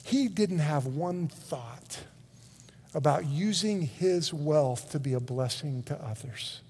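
High-voiced preaching man in a reverberant hall. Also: takes it slowly, slight background noise. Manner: animated, conversational preaching with repeated starts. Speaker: pastor. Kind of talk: sermon. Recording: long reverb in a large hall.

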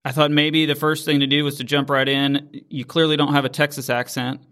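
A man's voice: fairly high pitch, little pitch movement, brisk, bright, forceful tone. Easygoing male podcast host. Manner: friendly, asks rambling questions with "you know". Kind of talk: podcast hosting, interviewing.

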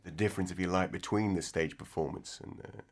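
Deep-voiced male interviewer, hesitant questions. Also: steady tone, fast. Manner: hesitant, filler-laden questioning.

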